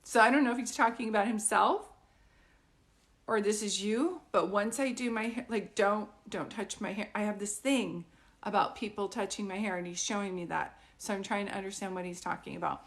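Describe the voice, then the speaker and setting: In a live online group reading, a psychic medium speaks in a mid-range voice, chatty and conversational, peppered with "like" and fast asides. She repeatedly stops to ask if it all makes sense.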